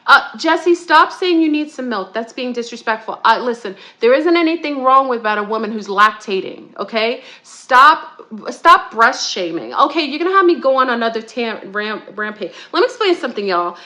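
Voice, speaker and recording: Bright-voiced woman ranting on a livestream. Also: a little high, expressive, normal speed, hardly any pauses. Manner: ranting, preachy, laughs often, swings loud and soft. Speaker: livestream guest speaker. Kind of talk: impassioned livestream rant.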